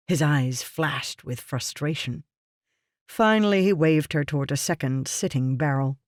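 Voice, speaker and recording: An audiobook narrator reading a fantasy novel in a measured, steady storytelling manner. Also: medium pitch, no echo, studio quality.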